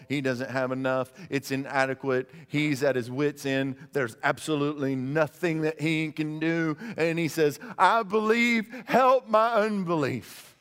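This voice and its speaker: A man's voice: medium pitch, clear, resonant tone, big-room sound. A male pastor preaching a sermon, earnest and emphatic, often repeating words as he presses a point. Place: church sanctuary.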